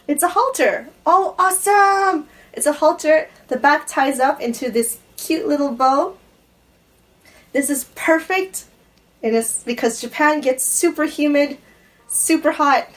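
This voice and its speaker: A woman unboxing gifts in a casual vlog, gushing and excitable, often breathless with delight. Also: fairly high pitch, poor audio. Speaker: YouTuber unboxing a gift box. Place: home in Japan.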